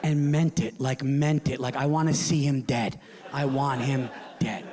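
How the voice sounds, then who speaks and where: A man in his forties performing a stand-up set, telling stories animatedly and shouting his punchlines. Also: medium pitch, unhurried. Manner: animated storytelling, shouting punchlines, acting out characters. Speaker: stand-up comedian. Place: theater stage before a live audience. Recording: live show with loud crowd laughter.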